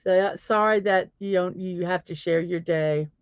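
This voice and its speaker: Her voice is fairly low, clear and resonant, moving at a moderate pace on a dry track with the highs rolled off. She's a middle-aged Southern woman hosting a casual daily positivity show alone. When she trips over words she giggles, apologizes, and makes fun of herself.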